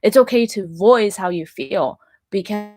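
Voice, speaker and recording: The show's host, a woman in her thirties with a mid-range, slightly mellow voice, speaks unhurriedly and candidly about faith and dating. She leans heavily on "like" throughout this personal faith talk.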